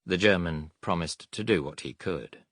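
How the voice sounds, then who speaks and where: A man reading a war audiobook in a measured, steady narration. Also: low voice, dry recording, clean studio sound.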